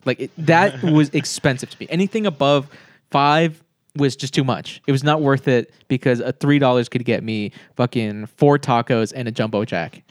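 A young man in casual chat, telling animated stories and acting out voices, with plenty of swearing. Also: medium pitch, moderate pace, dry recording.

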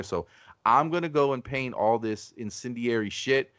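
A man's voice: medium pitch, moderate pace, fairly bright tone, dry recording. Emphatic, profane man arguing on a podcast. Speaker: podcast host. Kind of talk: casual podcast debate.

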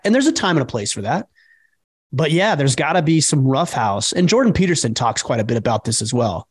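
Emphatic man, slightly high voice. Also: fast, husky. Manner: emphatic, animated when quoting others. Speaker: podcast co-host. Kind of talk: casual podcast chat.

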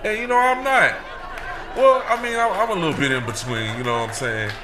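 A man playing a brash, cocky talk-show loudmouth. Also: high voice, fairly quick, crowd noise, background noise, close to an everyday voice. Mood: brash ranting. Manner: loud, swaggering, profane, laughs through lines. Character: brash, cocky male talk-show persona, always angry. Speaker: segment host. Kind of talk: comedic in-character rant.

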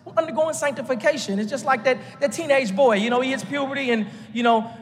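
A man from Texas, preaching a lively sermon from the pulpit with jokes and rising shouts. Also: extremely high pitch, fast talker, big-room sound. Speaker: pastor.

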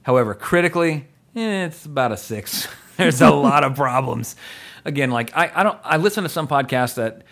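A man's voice: mid-range voice, animated, moderate pace, creaky, fairly bright tone. A man hosting a casual movie podcast, rambling and enthusiastic, with frequent laughs and fillers. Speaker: podcast host.

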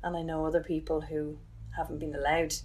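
A woman, recounting a painful chapter of her life in an interview with candid, halting restarts. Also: sits low, monotone, a little mellow. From Ireland. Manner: candid, halting, emotional retelling with many restarts. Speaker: interview guest. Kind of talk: personal storytelling.

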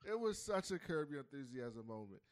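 A man chatting casually with friends on a podcast, telling the story of an episode. His voice is mid-pitched but swings widely as he acts out lines and laughs. The talk is loose, full of fillers and quick asides. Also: crowd noise. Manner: animated storyteller who acts out quotes and laughs often. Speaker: podcast co-host. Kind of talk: casual chat recapping a TV episode.

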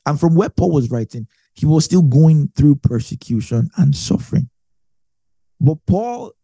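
A man's voice: medium pitch, warm tone, slightly rough, dry recording. A man giving a conversational Bible teaching, explaining with everyday examples and repeating phrases for emphasis.

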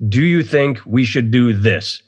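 A man's voice: medium pitch, expressive, a little slow. A man hosting a casual podcast, rambling opinionatedly and swearing freely. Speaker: podcast host. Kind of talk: casual chat.

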